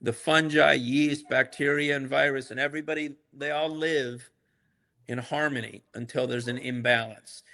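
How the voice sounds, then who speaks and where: A man's voice: medium pitch, steady tone, moderate pace, creaky, bright, forceful tone. A middle-aged man, a doctor co-hosting a podcast, talking bluntly and emphatically, often checking in with "okay?". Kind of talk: casual podcast chat.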